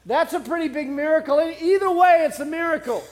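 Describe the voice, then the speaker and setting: A man's voice: very high-pitched, fairly quick. A man preaching a sermon in a conversational, humorous way, acting out quotes from the scripture as he goes. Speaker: pastor.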